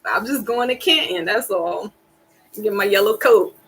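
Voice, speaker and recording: A woman hosting a casual live stream, rambling in an animated, slangy, emphatic way, with sighs and laughs. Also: medium pitch, measured pace, rough recording. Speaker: tarot reader and live stream host.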